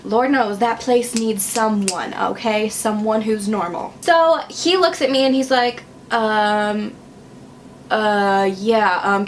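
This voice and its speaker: A woman's voice: medium pitch, fairly even intonation, slow pace, slight background noise. A young woman from Wisconsin telling a personal storytime on her vlog, chatty and sarcastic, full of "like" fillers. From Wisconsin, USA. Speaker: vlogger.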